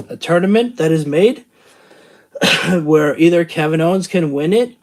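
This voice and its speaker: A man's voice: on the high side, a little mellow. A tired man hosting a casual show review, rambling and thinking aloud with many fillers. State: tired from the late hour. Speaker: wrestling channel host.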